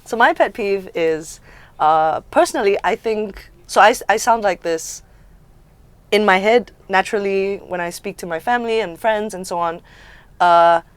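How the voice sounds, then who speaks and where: A woman's voice: medium pitch, moderate pace, clean tone, dry recording. A woman from Singapore talking on a casual panel in a thoughtful, hesitant way.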